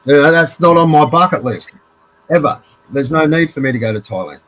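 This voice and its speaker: A man's voice: on the high side, expressive, a little fast, fairly bright tone, rough recording. A man hosting a live stream, chatting casually in a blunt, rambling way with plenty of fillers. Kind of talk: casual chat. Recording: faint background noise.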